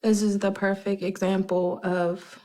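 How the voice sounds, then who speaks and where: A young woman recounting events in a measured, earnest way as an interviewee in a true crime documentary. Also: mid-range voice, flat delivery, dark tone. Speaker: interviewee, victim's daughter.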